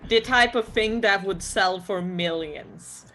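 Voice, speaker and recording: A woman playing a tabletop role-playing game, speaking slowly and deliberately, partly in character. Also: medium pitch, a bit bright, soft background music. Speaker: player.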